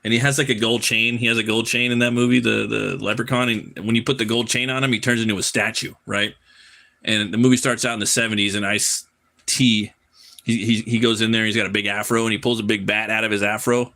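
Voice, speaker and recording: A man with a lowish voice talks casually through a live drawing stream. He rambles freely, swears easily and stumbles over repeated words. The delivery is loose and unscripted. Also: flat delivery, a little fast, vocal fry, sharp tone. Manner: loose, profane, rambling with frequent word repeats. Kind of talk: casual chat while drawing.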